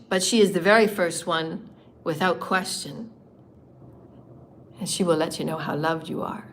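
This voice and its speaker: A woman hosting a live stream, speaking in a soft, earnest, devotional way with a scratchy, hoarse voice and long flowing phrases of praise and thanks. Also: fairly low pitch. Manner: heartfelt and reverent, praising and thanking. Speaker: spiritual live-stream host. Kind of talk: devotional spiritual talk.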